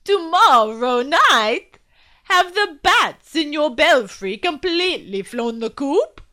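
A woman voicing a dramatic, loud vampire pianist in a children's storybook. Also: high-pitched, sing-song, slow, voice pushed up, exaggerated voice. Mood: indignant. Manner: loud and theatrical.

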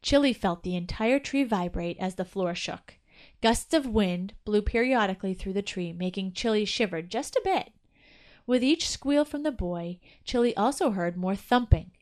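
A woman's voice: medium pitch, animated, moderate pace, darkish tone. A woman narrating a children's Christmas story aloud.

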